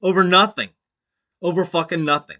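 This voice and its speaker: A man hosting a stream, giving loud, mocking reaction commentary full of swearing. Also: sits high, fairly even intonation, moderate pace. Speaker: stream host.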